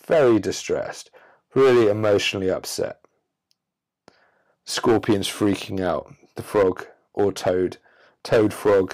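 Male solo podcaster, blunt and preachy, lowish pitch. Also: a little mellow. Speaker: podcast host.

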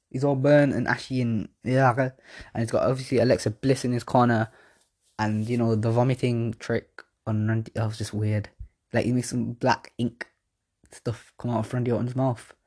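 Rambling lad, casual podcast chat. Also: male voice, mid-range voice, flat delivery, moderate pace, a little mellow. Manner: rambling, slangy, swears, laughs at himself. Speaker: podcast host. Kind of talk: casual wrestling predictions chat.

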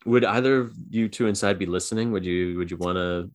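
A man narrating a tabletop game as game master, casual and halting, with many fillers. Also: low voice.

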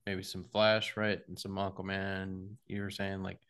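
Man, low voice, young adult, rambling podcast chat, lots of fillers. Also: measured pace, smooth. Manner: rambling, animated when joking, many fillers. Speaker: podcast co-host. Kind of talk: casual movie review chat.

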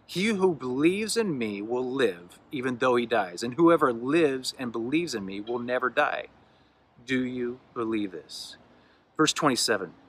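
A man's voice: mid-range voice, fairly bright tone, husky. A man preaching a casual sermon, reading scripture aloud and stumbling over restarts and fillers. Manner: conversational, with filler words and restarts. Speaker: pastor.

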